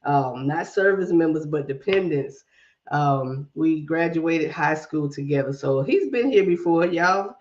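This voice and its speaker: A woman's voice: low-pitched, expressive, unhurried, a little mellow, dull audio. A woman with a mix of Southern drawl and Brooklyn accent hosting a casual livestream, greeting viewers by name and talking herself through tech fixes. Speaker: livestream host.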